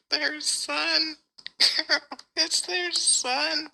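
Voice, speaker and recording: A young woman co-hosting a podcast, chatting casually and excitably about a book she is reading, swearing freely and gushing over every twist. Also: high voice, extremely slow, creaky, low-quality recording. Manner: excitable, swears a lot, gushes over the story. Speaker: podcast co-host.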